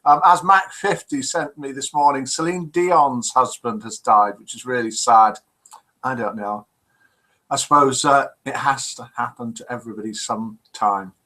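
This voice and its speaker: A man's voice: mid-range voice, steady tone, moderate pace, sharp tone, rough recording. A man over fifty hosting a live online chat show, chatty and teasing as he reads out viewer comments. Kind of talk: casual live-stream chat reading out messages.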